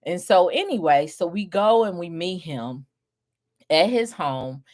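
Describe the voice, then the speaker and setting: Middle-aged woman, lowish voice, slow animated storytelling, laughs a lot. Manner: animated storytelling, laughs often, acts out quotes. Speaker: group home business mentor. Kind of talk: storytelling to viewers.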